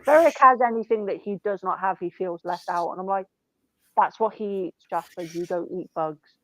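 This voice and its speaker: A young woman chats casually, rambling through family stories and swearing freely. Her voice sits at a middle pitch and is recorded close and dry. She keeps slipping into "I'm like" as she talks. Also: moderate pace, no room sound, low-quality recording. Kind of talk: casual chat.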